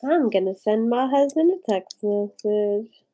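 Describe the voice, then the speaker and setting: A woman's voice: a little high, lively intonation, unhurried, mellow, poor audio. A drunk woman in her forties hosting a casual live stream, rambling, giggling and reacting to viewer comments.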